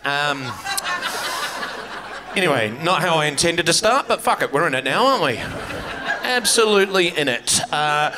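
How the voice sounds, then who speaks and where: A middle-aged man from New Zealand with a New Zealand accent, doing a brash, sweary stand-up set and loud crowd work on a comedy club stage. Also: fairly high pitch, expressive, normal speed, pauses often, background noise.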